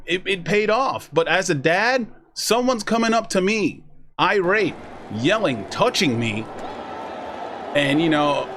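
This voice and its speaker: A man's voice: high-pitched, a bit bright. A man talking casually to his chat while reacting to a video, rambling, restarting his sentences and acting out what other people said. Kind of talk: casual live reaction commentary.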